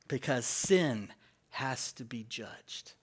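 A man preaching as pastor, leading the congregation in call-and-response and stressing key words. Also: husky. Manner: slow and emphatic with lively pitch swings. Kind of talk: sermon.

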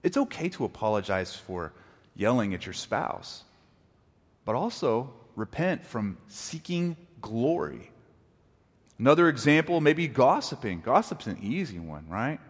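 A man preaching a sermon as pastor, animated, acting out quoted apologies and arguments. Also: on the low side, normal speed. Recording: long reverb of a large hall.

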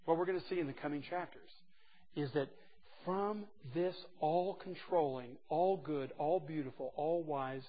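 High-voiced man preaching a sermon. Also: moderate pace, muffled recording. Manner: emphatic, swings from loud exclamations to hushed asides; folksy, teasing asides. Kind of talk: sermon to a men's gathering.

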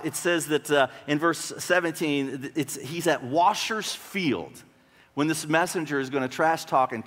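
Pastor preaching in a reverberant hall. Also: male voice, mid-range voice, fairly bright tone. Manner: conversational preaching with rhetorical questions and dramatic retelling. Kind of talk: sermon.

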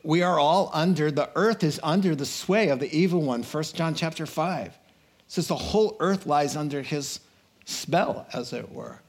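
Animated man preaching a sermon. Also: fairly high pitch, normal speed. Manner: animated, acts out crowd voices, rises to excited outbursts.

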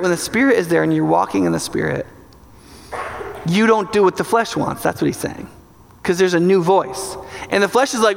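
A man preaching a sermon in an animated, joking way, now and then acting out inner voices. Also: high voice, vocal fry. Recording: large hall with long reverb.

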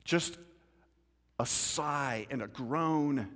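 A man preaching a sermon and telling a story, swinging from loud, urgent pleading to quiet, low asides. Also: lively intonation, normal speed. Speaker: pastor. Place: church sanctuary. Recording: long hall reverb.

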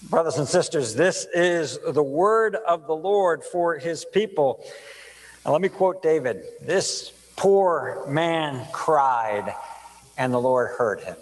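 Slow-speaking preacher man in a reverberant hall. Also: fairly high pitch, animated. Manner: measured, rhetorical questions. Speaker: pastor. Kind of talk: sermon with scripture reading and prayer. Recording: long reverb of a large room.

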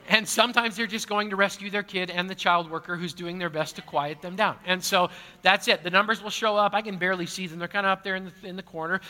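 A man's voice: high-pitched, sharp tone. A man, a pastor, answering congregation questions in a church auditorium in a conversational way, often repeating words and joking at his own expense. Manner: conversational, repeats words, self-deprecating humor. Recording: long hall reverb.

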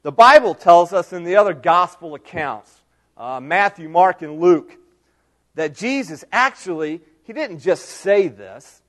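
A middle-aged male pastor preaching a sermon, moving between soft asides and raised, emphatic lines. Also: high voice, animated, measured pace.

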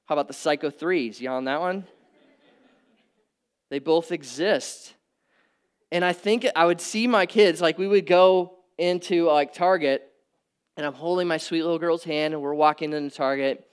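Man preaching, smooth tenor. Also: on the high side. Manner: conversational preaching, rising to emphatic peaks and dropping to quiet asides. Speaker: pastor. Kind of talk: sermon. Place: church hall with audience.

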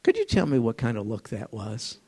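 Halting man leading a Bible study. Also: medium pitch, huge pitch swings, dark tone, slightly rough. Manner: conversational, asks the group questions; halting, restarts often. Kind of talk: informal Bible study teaching. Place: room with a small group.

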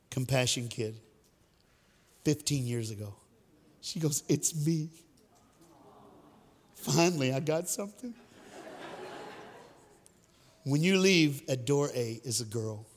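Male guest speaker, lively and playful sermon delivery, long hall reverb. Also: medium pitch. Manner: lively, joking, direct addresses to the crowd. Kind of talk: storytelling sermon to a youth crowd. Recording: echoey hall.

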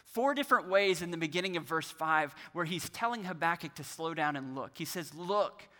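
A man's voice: on the high side, lively intonation, fairly quick, pushed and bright, in a large hall. A man preaching a sermon as pastor, earnest, building emphasis through repeated phrases.

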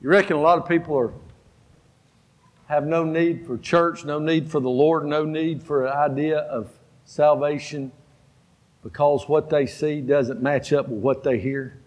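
Man in his fifties, pastor preaching, high voice, lots of reverb from the church hall; animated storyteller. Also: unhurried, dull audio. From Georgia, US. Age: 50s. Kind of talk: sermon. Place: church sanctuary.

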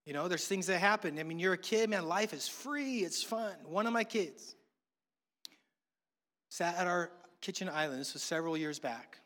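A man's voice: high-pitched, animated, moderate pace, fairly bright tone, big-room sound. A middle-aged man from the United States preaching a sermon in a conversational way, weaving in humorous family stories. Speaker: pastor.

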